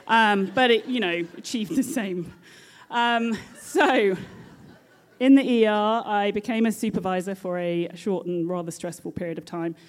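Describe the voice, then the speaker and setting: Lively British woman telling a story. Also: mid-range voice, a little slow. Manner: lively, animated, laughs often while telling. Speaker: nurse. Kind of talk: personal storytelling.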